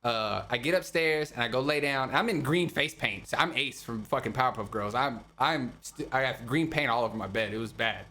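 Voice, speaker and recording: A man's voice: medium pitch, brisk, few pauses, sharp tone. A young man co-hosting a podcast, telling a party story in casual, profane chat, laughing often and acting out what people said. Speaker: podcast co-host.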